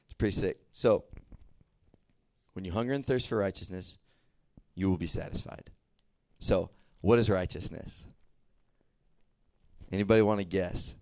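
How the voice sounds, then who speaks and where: With a fairly low, slightly mellow voice and no echo, a young Southern youth preacher delivers an informal sermon, regularly tossing out "right?" and "okay?" to engage listeners.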